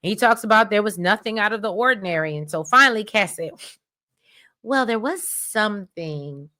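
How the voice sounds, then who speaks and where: A woman casually recapping a show in a sassy, animated way. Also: mid-range voice, fast. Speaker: recap vlogger.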